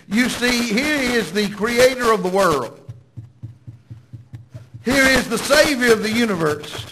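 A man's voice: very high voice, animated, unhurried, pauses often, pushed and bright, a little hiss or hum, poor audio. A man preaching a sermon with dramatic, emphatic storytelling.

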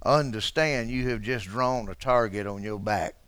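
A pastor preaching a dramatic sermon to his church, dropping to a hush and then rising to shouts, calling out to people in the pews. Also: lowish voice, normal speed, clean tone, no echo. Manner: calls out to congregation members.

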